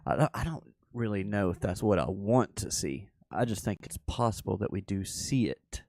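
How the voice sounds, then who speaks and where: A man's voice: lowish voice, expressive, darkish tone, dry recording, clean studio sound. A man hosting a trading workshop, walking through a livestreamed chart while thinking aloud and correcting himself as he goes. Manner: unhurried, thinks aloud, restarts and self-corrects.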